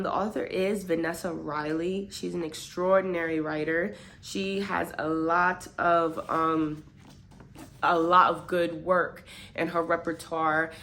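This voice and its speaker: A young woman casually reviewing a book, chatty and animated, with a lot of fillers as she talks. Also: lowish voice, a little hiss or hum.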